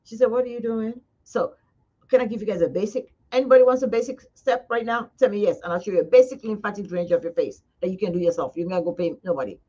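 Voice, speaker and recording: Speaking quickly in a warm, mid-range voice, an esthetician gives a casual face massage demo from her skincare studio. She coaxes and chats straight to her viewers over a slightly dull lo-fi recording.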